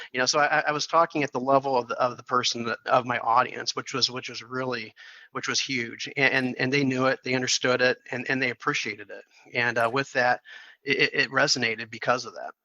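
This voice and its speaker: Bright-voiced man telling an animated story. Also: mid-range voice, no echo, dull audio. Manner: repeats words and restarts often, animated retelling. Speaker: podcast guest, accounting firm CEO. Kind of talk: storytelling in a casual interview.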